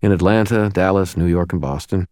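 A man voicing a dry-humored wizard detective in an audiobook, talking with sardonic, deadpan asides. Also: deep voice, a little fast, no room sound, voice pushed up, natural voice. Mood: wry.

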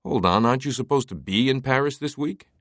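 A man voicing a harried, exasperated book editor with a brisk, incredulous manner. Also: medium pitch, animated, a bit bright, no room sound, clean studio sound, pitched above the performer's own voice.

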